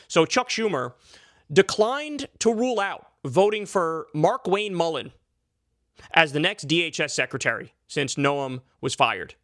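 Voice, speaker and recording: A man's voice: fairly high pitch, a bit bright, dry recording, studio quality. A man delivering a heated, profane, sarcastic political commentary rant, full of filler likes. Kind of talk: ranting political commentary vlog.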